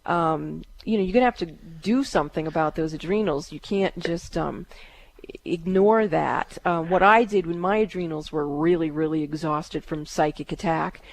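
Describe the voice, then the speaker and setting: A woman hosting a call-in psychic radio show, giving calm, halting readings with many fillers. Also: low voice.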